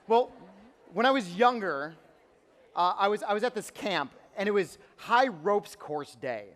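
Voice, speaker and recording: A man's voice: sits high, animated, unhurried, fairly bright tone. A young man preaching a youth sermon, telling a story animatedly and acting out what people said. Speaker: youth pastor. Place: large church auditorium. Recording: long reverb of a large hall.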